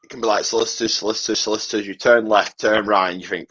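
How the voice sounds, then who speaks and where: A man's voice: on the low side, fairly even intonation, fast, a bit bright, highs cut off. A man from near Manchester, swearing and laughing his way through football stories. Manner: sweary, laughs at his own stories, calls people mate. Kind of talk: casual late-night football chat.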